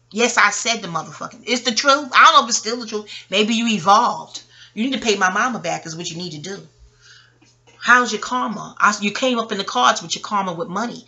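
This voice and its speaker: A woman, telling a personal story to her viewers in a casual, profane and animated monologue. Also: medium pitch. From New York. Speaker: vlogger.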